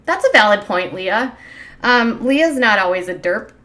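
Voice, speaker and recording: A woman's voice: mid-range voice, expressive, measured pace, sharp tone. A woman giving casual, sarcastic livestream commentary in a rambling, opinionated way with frequent fillers. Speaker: gossip commentary streamer.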